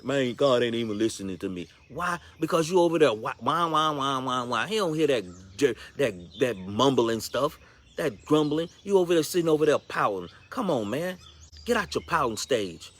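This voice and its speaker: A man's voice: medium pitch, husky. A man giving a motivational devotional talk, exhorting listeners in a repetitive, slangy coaching manner. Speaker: ministry speaker.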